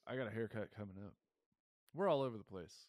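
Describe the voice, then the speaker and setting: A man's voice: on the low side, lively intonation, fast talker, darkish tone, no room sound, studio quality. A tipsy man co-hosting a podcast, laid-back and laughing, in casual chat. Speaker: podcast co-host.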